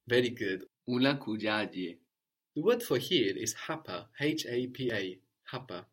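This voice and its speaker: A man's voice: medium pitch, lively intonation, measured pace, a bit bright. Patient man teaching a language lesson. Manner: patient, prompts and corrects, often ends with "no?". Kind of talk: guided spoken language lesson.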